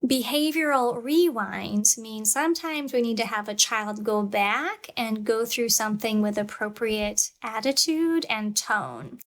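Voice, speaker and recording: Calm woman lecturing on parenting. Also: on the high side. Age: adult parent. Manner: calm, measured, demonstrates parent scripts aloud.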